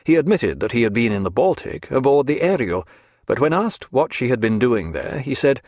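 Man reading a novel aloud, lively pitch. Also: normal speed, dry recording, clean studio sound. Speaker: audiobook narrator. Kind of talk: scripted audiobook narration.

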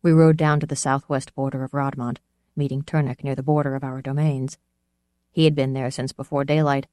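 Low-voiced woman reading a novel. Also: dry recording, clean studio sound. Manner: steady, measured storytelling. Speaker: narrator. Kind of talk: audiobook narration.

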